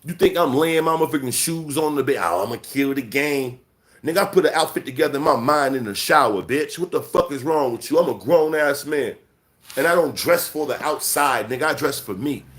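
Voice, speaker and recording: A man's voice: mid-range voice, fairly quick. Man, late forties, livestream rant, confrontational, heavy cursing. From Chicago. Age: 40s. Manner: profane, scolding, confrontational. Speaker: livestream host.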